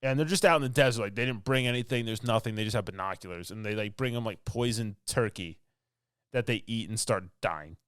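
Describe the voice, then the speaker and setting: A man's voice: lowish voice, fairly quick, fairly bright tone, clean tone, no echo, clean studio sound. A man co-hosting a podcast, recapping a film in a rambling, casual way with lots of "like" fillers. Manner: rambling, filler-heavy storytelling with laughs. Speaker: podcast co-host.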